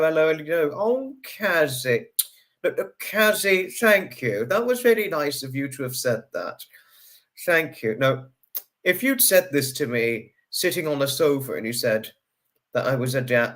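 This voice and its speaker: Gushing man hosting a livestream. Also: a bit bright. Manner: effusive, gushing, repeats greetings over and over; pitch swings up and down sharply. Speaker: livestream host. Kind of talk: livestream chat greeting viewers.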